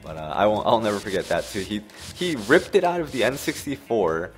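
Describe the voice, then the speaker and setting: A man's voice: fairly low pitch, very animated, moderate pace, faint music behind. Rambling man telling stories over gameplay. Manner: rambling, laughing, distracted by the game. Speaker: gameplay commentator. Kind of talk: casual storytelling over gameplay.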